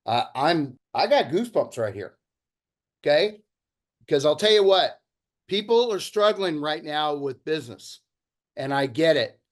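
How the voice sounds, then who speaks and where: High-voiced man giving a pep talk. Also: big pitch swings, measured pace. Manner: enthusiastic, pep-talk delivery. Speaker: meeting host. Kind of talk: motivational meeting talk. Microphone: video call.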